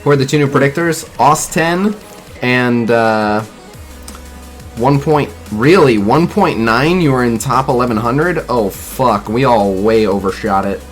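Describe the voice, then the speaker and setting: A man's voice: medium pitch, unhurried, faint music behind. A man streaming a mobile game, rambling casually to his chat and a voice-chat guest, swearing freely. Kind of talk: casual live-stream commentary.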